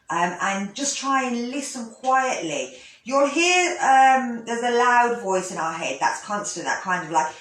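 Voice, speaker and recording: A woman, a yoga teacher gently guiding a breathing lesson, with pauses and restarts. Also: a little high, lively intonation. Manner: gentle, instructive, with fillers and restarts. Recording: echoey room, voice from a distance.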